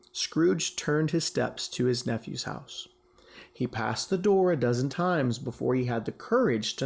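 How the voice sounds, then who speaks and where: Reading a classic story to his class, a teacher speaks slowly and with great expression, his pitch climbing and dipping widely. His voice is gravelly, a bit husky, and sits on the high side.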